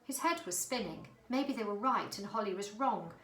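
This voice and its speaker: A woman narrating a children's story in an expressive, dramatic reading. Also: mid-range voice, normal speed, roomy sound, rough recording.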